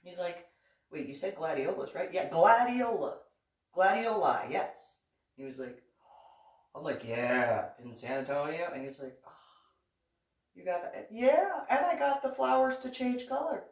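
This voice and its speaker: Woman, low voice, indignant casual storytelling, acts out dialogue, echoey room, distant mic. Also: sing-song, unhurried, a little mellow, dull audio. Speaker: vlogger. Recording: roomy echo, voice far from the mic.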